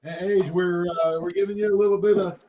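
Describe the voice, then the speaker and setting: Hoarse older man hosting. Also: high-pitched, steady tone, lo-fi sound. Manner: chatty, halting with fillers. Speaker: host. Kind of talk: casual talk-show interview.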